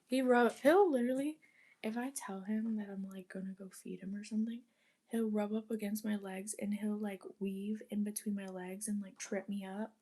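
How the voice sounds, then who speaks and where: A woman's voice: medium pitch, little pitch movement, normal speed, mellow, breathy edge. A young woman chatting casually while cleaning her apartment, rambling with lots of fillers and casual swearing. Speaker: vlogger.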